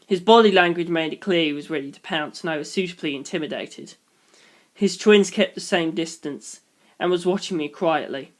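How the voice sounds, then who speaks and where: Male narrator, mid-high voice, dramatic story reading. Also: moderate pace. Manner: switches into shouted character voices. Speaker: reader. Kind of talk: dramatic reading of a fan novel.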